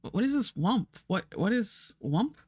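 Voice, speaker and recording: A woman's voice: medium pitch, big pitch swings, moderate pace, darkish tone, slightly rough, dry recording, studio quality. A woman voicing a startled, jittery man stuck in traffic, with flustered, stammering exclamations. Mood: panicked.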